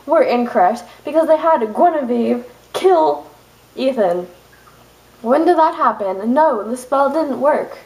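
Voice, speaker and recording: Young woman venting on her vlog, kinda high voice, fast and fed up, keeps blowing up. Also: animated, vocal fry, darkish tone, poor audio. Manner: fast, exasperated ranting with outbursts. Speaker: vlogger. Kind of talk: angry rant to camera.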